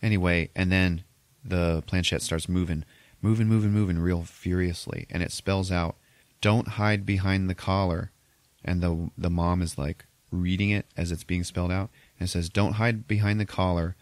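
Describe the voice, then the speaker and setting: Deep-voiced man recapping a movie. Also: fairly even intonation, no room sound. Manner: profane, laughing, acts out characters in quick bits. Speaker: podcast host.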